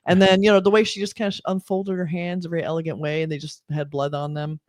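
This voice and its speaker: A woman in a casual movie-review chat, talking in an animated way as she imagines scenes aloud. Her voice is recorded close with no room echo. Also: fairly low pitch, fast talker, few pauses. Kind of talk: casual discussion reacting to a trailer.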